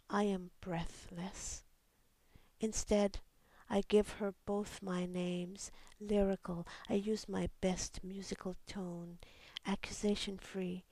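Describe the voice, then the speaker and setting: A woman reading her own poem aloud in a soft, measured voice that often drops to a half-whisper. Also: medium pitch, no echo. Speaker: poet. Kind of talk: poetry reading.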